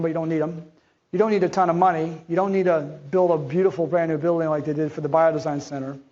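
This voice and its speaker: High-voiced man giving a conference talk. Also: darkish tone. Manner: conversational, acts out quoted dialogue. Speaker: conference speaker. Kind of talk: conference presentation. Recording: dull lo-fi audio.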